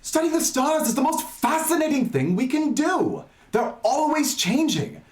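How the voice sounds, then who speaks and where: A man's voice: very high-pitched, huge pitch swings, normal speed, reverberant, voice pushed up, heavily acted. A man doing a jovial tiefling scholar, Australian accent. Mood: excited. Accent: attempted Australian. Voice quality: bubbly, chatty, effervescent. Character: jovial excitable male tiefling star scholar.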